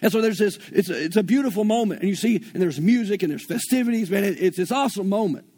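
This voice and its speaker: A man's voice: high-pitched, lively intonation, quick pace, mellow. A man with a Southern US accent preaching an earnest, folksy sermon and retelling scripture in everyday slang. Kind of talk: conversational sermon.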